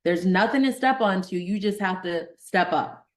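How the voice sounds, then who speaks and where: A middle-aged woman physician from Detroit telling a personal story in an interview, animated, acting out the voices of people she quotes. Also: mid-range voice, moderate pace. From Detroit, Michigan. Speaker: guest, physician.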